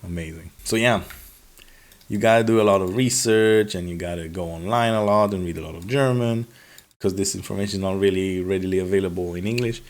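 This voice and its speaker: Male vlogger, casual to-camera talk, wry and animated, lowish voice. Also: brisk. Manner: sarcastic, animated, acts out officials in quotes.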